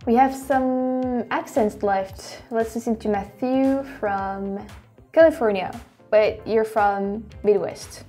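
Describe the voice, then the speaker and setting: A woman's voice: fairly high pitch, slow, faint music behind. A woman with a French accent, a native French speaker, hosting a video and reacting effusively to clips she plays. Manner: excitable, effusive. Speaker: host. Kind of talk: casual reaction commentary.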